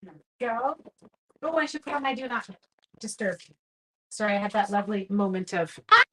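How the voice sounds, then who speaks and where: A woman's voice: medium pitch, lively intonation, normal speed, bright, forceful tone, a little hiss or hum. A middle-aged woman hosting a casual craft live stream, chatting to viewers and greeting them by name as she works. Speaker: stamping demonstrator and live stream host.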